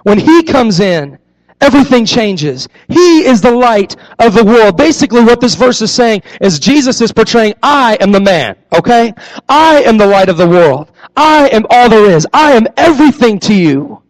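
A young man preaching a sermon as a youth pastor, repeating his key phrases for emphasis and acting out stories in lively voices. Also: high-pitched, moderate pace, poor audio. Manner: animated storytelling with acted-out voices.

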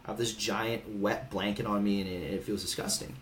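A man's voice: fairly low pitch, steady tone, brisk, fairly bright tone, slight background noise. A man in his thirties from Hawaii, a veteran podcast guest, speaking in a casual, frank way and swearing now and then. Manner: casual and frank, swears, acts out quoted voices. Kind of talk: candid conversational storytelling. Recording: echoey room.

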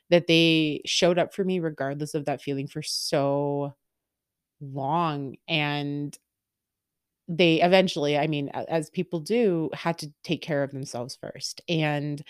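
A woman's voice: deep voice, no room sound, studio quality. A woman in her thirties hosting a podcast, talking openly and rambling in a candid personal monologue. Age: 30s. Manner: open, rambling, lots of fillers and laughs. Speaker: podcast host.

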